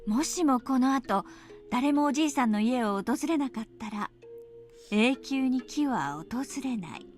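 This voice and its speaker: A high quick teen girl. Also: expressive, soft background music. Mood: eerie teasing. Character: teen girl calmly spinning a murder tale. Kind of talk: Japanese game voice acting.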